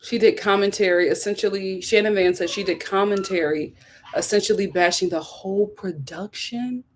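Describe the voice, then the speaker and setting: A woman's voice: moderate pace, slight background noise. Chatty woman hosting a live review stream. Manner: animated, jumps to high squeals of surprise; laughs often, opinionated and chatty. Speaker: live stream host reviewing a reality show. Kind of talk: casual live chat reading viewer comments. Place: home in a hot city.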